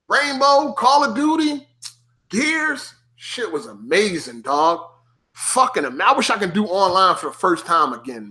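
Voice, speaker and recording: A man streaming, telling a gaming story casually, with heavy slang and cursing, acting out his younger self in a higher, excited voice.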